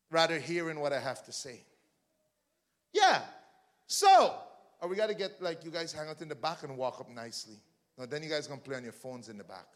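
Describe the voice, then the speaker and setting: A man preaching a sermon as pastor, building fervently to shouted refrains between joking asides to the congregation. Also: on the high side.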